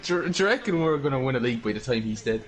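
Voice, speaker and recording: A man's voice: mid-range voice, animated, very fast. A man chatting in a laid-back way and swearing casually while reacting to clips. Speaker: co-host.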